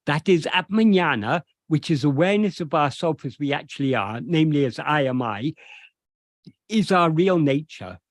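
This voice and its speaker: A man with a somewhat high voice explains a devotional verse line by line. He talks slowly and deliberately, pausing often with hesitations. The sound is dry and close, with no room around it. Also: lively intonation, no room sound. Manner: slow and deliberate, with many hesitations. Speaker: spiritual teacher.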